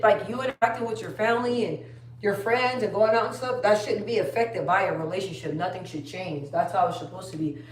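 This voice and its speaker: A young woman talks casually on a livestream, telling a long story and reading viewer comments as they come in. Her voice sits a bit high. She sounds set back from the mic, and the room echoes around her. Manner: chatty storytelling, reads viewer comments aloud. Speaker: livestream host. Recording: roomy sound, distant from the mic.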